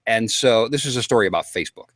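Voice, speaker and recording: A man telling a long story to a panel in a casual, animated way, acting out quotes and getting worked up. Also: fairly low pitch, fast, dry recording.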